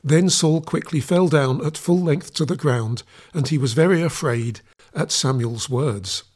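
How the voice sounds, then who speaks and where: Male scripture reader, slightly high and husky voice, slow, steady, reverent delivery. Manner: measured, steady, reverent reading. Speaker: Bible reader.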